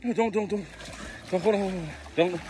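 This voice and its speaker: A man hosting a fishing vlog, exclaiming and shouting excitedly outdoors at a river spillway. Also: high-pitched, fairly quick, slight background noise. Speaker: fishing channel host.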